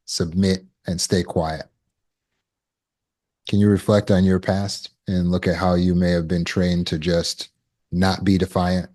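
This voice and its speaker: A man with a low voice teaches trauma recovery in a relaxed, conversational way. He often acts out brief imagined exchanges to make a point. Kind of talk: teaching talk.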